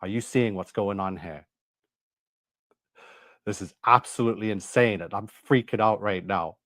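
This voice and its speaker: A man's voice: lowish voice, normal speed, fairly bright tone, no room sound, studio quality. A man hosting a religious commentary video, talking in an intense, emphatic, insistent way. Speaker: online video host.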